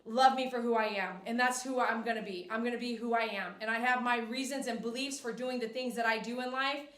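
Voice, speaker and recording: A woman's voice: a little high, a little fast. Chatty woman in an echoey room. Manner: chatty, reads viewer comments aloud, bursts of excited cheering. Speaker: dog groomer and livestream host. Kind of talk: casual livestream chat reading comments. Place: grooming shop.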